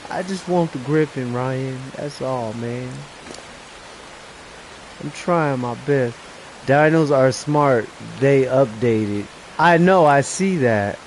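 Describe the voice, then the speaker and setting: A man streaming a live game, chatting casually and breaking into nervous, excited exclamations as he plays. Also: medium pitch, slow, slight background noise, poor audio. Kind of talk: live gameplay commentary.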